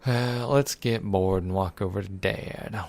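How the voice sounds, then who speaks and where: A man's voice: low voice, measured pace, creaky, a little mellow. A man reading a text game aloud and adding sarcastic, irreverent commentary, swearing freely. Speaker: let's play gamer.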